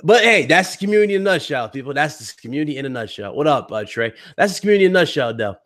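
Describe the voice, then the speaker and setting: A man's voice: on the high side, sing-song, racing, a bit bright. A male gaming podcast host ranting to his live chat in a heated, blunt and mocking way. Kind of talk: live stream rant to chat.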